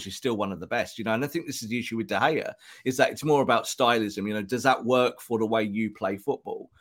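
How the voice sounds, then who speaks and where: Male football pod co-host, mid-pitched, animated, drops into quick put-on voices for imagined remarks. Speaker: podcast co-host. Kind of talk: casual football podcast chat. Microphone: podcast microphone.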